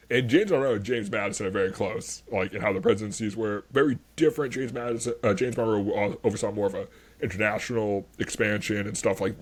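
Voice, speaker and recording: A man hosting a history podcast, chatting casually and enthusiastically, rambling with many fillers. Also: on the low side. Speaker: podcast host.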